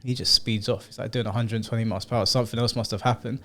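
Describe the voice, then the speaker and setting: Young male podcast co-host, blunt and profane, in an animated storytelling style. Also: medium pitch, quick pace. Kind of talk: casual chat.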